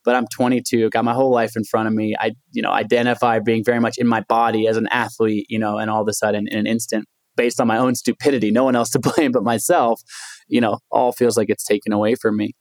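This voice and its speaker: A man talks fast and with energy. He acts out the people in his story as he tells it. The recording is dry and close. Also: fairly low pitch, no echo. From United States. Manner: animated storyteller, acts out quoted voices. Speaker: guest, endurance athlete and author. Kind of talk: storytelling in a podcast interview.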